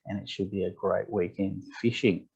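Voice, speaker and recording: A tournament director gives a fishing tournament briefing in a low, steady voice at a normal pace, reading out the rules and lists matter-of-factly with small fillers here and there. His voice is creaky and a little mellow, with a breathy edge, and the recording sounds dull and lo-fi.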